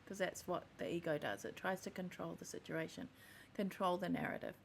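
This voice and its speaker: A woman's voice: fairly low pitch, brisk, gravelly, slight background noise. A woman hosting a podcast, talking through a reflective personal monologue in an earnest, heartfelt way that often stops to rephrase. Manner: earnest and heartfelt, with self-repairs. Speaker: podcast host.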